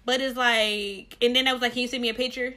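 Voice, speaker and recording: A young woman co-hosting a podcast in casual, slangy chat, animated and laughing often. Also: fairly high pitch, quick pace. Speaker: podcast co-host.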